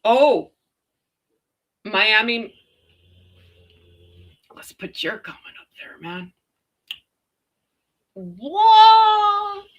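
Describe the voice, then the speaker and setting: A woman's voice: mid-range voice, very slow, pauses often, lo-fi sound. A woman hosting a chatty livestream, reading viewer comments in a sarcastic, emphatic way. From United States. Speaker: host.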